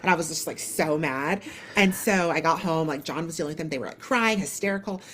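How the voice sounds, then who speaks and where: A woman in her thirties hosting a podcast, telling a long story in a casual, animated way, full of "like" and acted-out dialogue. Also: low-pitched, brisk, a little hiss or hum. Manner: animated, lots of "like" and quoted dialogue. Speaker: podcast co-host.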